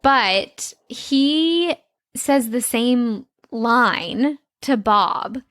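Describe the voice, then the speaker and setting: A woman's voice: on the high side, expressive, drawn-out words, fairly bright tone, dry recording. A woman co-hosting a podcast in casual chat, upbeat and eager to share fun facts. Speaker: podcast co-host.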